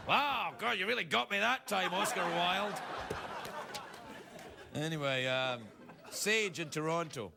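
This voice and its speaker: A man hosting a late-night talk show, reading viewer emails aloud and riffing on them with animated, mock-indignant comedy. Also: high-pitched, a little slow, gravelly, long pauses, a crowd in the background. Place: TV studio with live audience. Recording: loud studio audience, live-broadcast noise.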